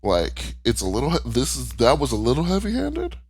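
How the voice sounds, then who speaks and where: A man's voice: mid-range voice, wildly swooping pitch, brisk, darkish tone, slight background noise. A man co-hosting a podcast, talking candidly and emotionally in casual chat, swearing freely. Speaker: podcast co-host. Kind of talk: casual chat recapping a cartoon.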